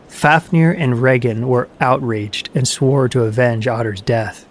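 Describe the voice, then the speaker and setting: Man, audiobook myth narration, measured, even, steady storytelling. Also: medium pitch, a little hiss or hum.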